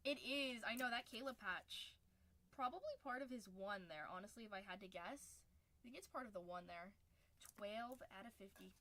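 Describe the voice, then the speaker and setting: A woman's voice: medium pitch, normal speed, sharp tone. A young woman hosting a card-breaking livestream, chatting casually and upbeat with viewers and laughing often. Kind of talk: casual livestream chat while opening cards.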